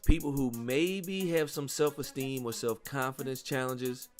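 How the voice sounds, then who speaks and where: A man delivering a scripted podcast intro as host, earnest and measured. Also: medium pitch. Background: hip hop music.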